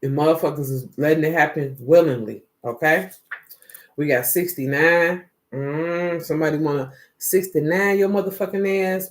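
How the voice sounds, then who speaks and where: Profane rambling tarot reader, man. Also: a little high. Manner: profane, rambling, slangy and animated. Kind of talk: casual tarot reading monologue.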